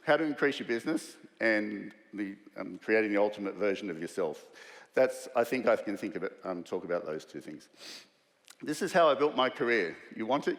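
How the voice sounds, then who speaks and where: Australian man giving a lively keynote. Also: medium pitch. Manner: self-deprecating storyteller, energetic, loose and conversational. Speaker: keynote speaker. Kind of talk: conference keynote with humorous anecdotes. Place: large conference hall. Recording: reverberant hall.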